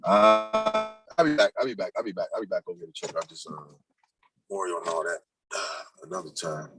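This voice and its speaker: Low-voiced man rambling on a livestream. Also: animated, a little fast, vocal fry, fairly bright tone, soft background music, rough recording. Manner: loose, rambling, talks to chat and himself. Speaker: livestream host. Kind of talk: casual livestream chat.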